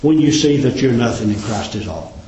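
A man preaching a sermon, fervently rising to emphatic peaks and dropping to quiet endings. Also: mid-range voice, lively intonation, fairly quick, roomy sound, highs cut off, a crowd in the background. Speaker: pastor. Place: church.

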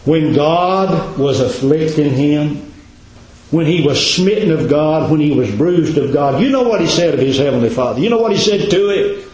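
Man, pastor preaching a sermon, repeats himself for emphasis, drops low and hushed, echoey church room, muffled sound. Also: animated, normal speed. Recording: echoey, dull church recording.

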